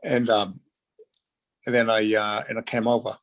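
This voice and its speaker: A man's voice: fairly low pitch, little pitch movement, moderate pace, rough recording. A middle-aged Australian man, a retired wrestler, casually telling rambling anecdotes in an interview and acting out the voices of people in his stories.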